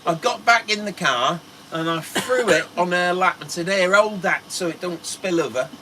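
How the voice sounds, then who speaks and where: A man's voice: sits high, moderate pace, pushed and bright, slight background noise, poor audio. A middle-aged man with a Norfolk accent, chattily rambling through a story on a fishing livestream as its host. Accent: Norfolk English. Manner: chatty, rambling, laughs as he talks.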